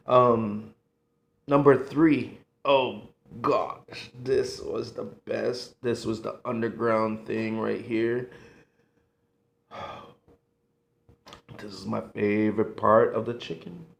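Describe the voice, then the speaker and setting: A middle-aged man from the United States, a food vlogger reminiscing in a halting, emotional way, sighing between thoughts. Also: lowish voice, vocal fry, a little hiss or hum. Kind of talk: casual reminiscing monologue. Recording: echoey room.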